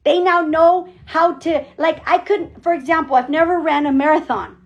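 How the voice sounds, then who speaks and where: A woman team leader giving an energetic motivational pep talk on a group call, emphatic and repeating her phrases. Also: very high-pitched, normal speed, muffled recording. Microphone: call audio.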